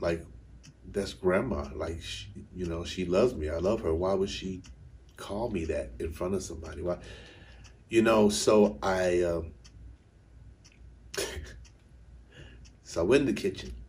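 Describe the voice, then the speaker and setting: A man's voice: sits low, takes it slowly, pauses often, a little mellow. A middle-aged man, a vocal coach, telling a personal story in a candid, emotional way, chuckling and correcting himself as he goes.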